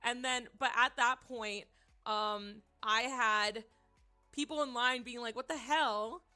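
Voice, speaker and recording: A young woman streamer telling a story in casual chat, animated and rambling, with many fillers and restarts. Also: a little high, slow, faint music behind.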